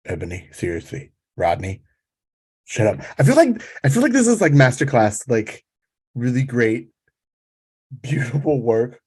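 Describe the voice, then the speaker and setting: A man's voice: mid-range voice, a little mellow. A man hosts a poetry reading over a video call, chatting effusively with lots of "like" before reading his own poem. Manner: effusive, filler-heavy, lots of "like". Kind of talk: casual hosting and poetry reading.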